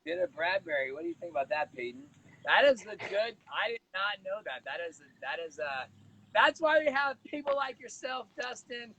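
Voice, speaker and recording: High-voiced upbeat male host. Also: very animated, normal speed, bright, forceful tone, lo-fi sound, slight background noise. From United States. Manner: upbeat, with sudden jumps in pitch. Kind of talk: casual chat with a guest.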